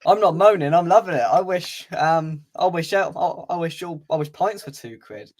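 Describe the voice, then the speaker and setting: A man's voice: fairly high pitch, moderate pace, a little mellow. Man hosting a football chat. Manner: laughing, self-mocking banter. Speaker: podcast host.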